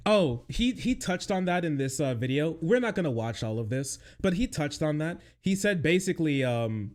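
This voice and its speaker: A man's voice: on the high side, very animated, moderate pace, hardly any pauses, darkish tone. A young man streaming a mocking reaction to a video, sarcastic, laughing often and swearing. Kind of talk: mocking live reaction commentary.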